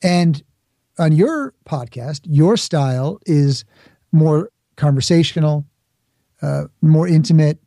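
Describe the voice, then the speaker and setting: Taking his time, a middle-aged New Yorker from the Bronx talks in a fairly high, gravelly, warm voice during a conversational podcast interview. He reflects and explains through examples and performed asides, captured in clean studio sound without room noise.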